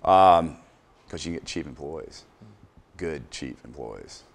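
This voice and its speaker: Middle-aged man, very low voice, hesitant interview guest. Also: expressive, vocal fry. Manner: unhurried, hesitant, many fillers and restarts. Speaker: business owner, interview guest. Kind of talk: casual interview answers.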